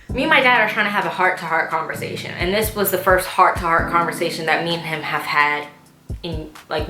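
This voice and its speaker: A young woman telling a personal story to camera in a casual, animated way, full of "like" and quoted dialogue, with frequent swearing. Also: on the low side, echoey room. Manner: animated, lots of "like", quoting people in her story, swears freely.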